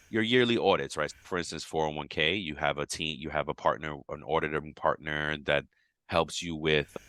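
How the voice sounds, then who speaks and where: A man co-hosting a podcast, chatting casually and animatedly, his voice leaping high when he acts out his own reactions. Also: dry recording. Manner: animated, jumps to high pitch when quoting himself. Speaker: podcast co-host.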